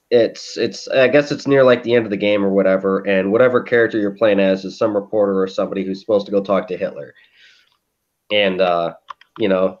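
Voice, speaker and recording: A man co-hosting a podcast, telling a story in a profane, animated way and acting out quotes. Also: fairly low pitch, highs cut off. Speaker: podcast co-host. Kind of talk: casual chat.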